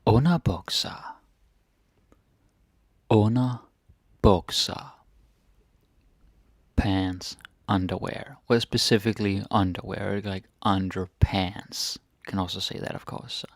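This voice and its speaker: A man teaching vocabulary, repeating each word slowly and adding "eh?" after his explanations. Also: fairly low pitch, steady tone, no echo, clean studio sound. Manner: slow, repeats each word, tags phrases with "eh?" and "ikke?". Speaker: Danish language teacher. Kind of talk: language lesson, repeating words with translations.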